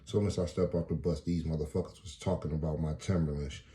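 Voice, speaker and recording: A man's voice: extremely low pitch, fairly even intonation, fast, dark tone. A man doing freestyle stand-up comedy, telling a story in profane, casual street talk.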